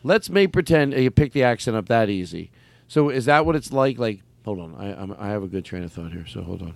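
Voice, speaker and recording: A man hosting a casual chat, rambling and animated, with many restarts. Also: lowish voice, a little fast, vocal fry.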